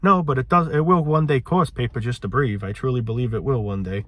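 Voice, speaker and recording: A man's voice: medium pitch, a little fast, fairly bright tone, no room sound, studio quality. A man hosting his own vlog channel, ranting in a loose, frustrated way, saying "man" often and swearing. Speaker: channel host.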